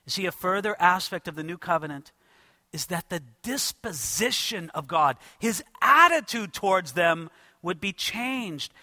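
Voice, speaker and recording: A man's voice: high voice, animated, unhurried, pushed and bright, dry recording. A man preaching an expository sermon, emphatic and addressing his listeners directly. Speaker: pastor.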